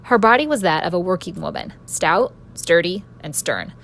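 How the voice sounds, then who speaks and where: A woman author narrating her own story in first person, expressive and storytelling in tone. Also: on the low side, normal speed. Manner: expressive storyteller, voicing a cheeky street boy.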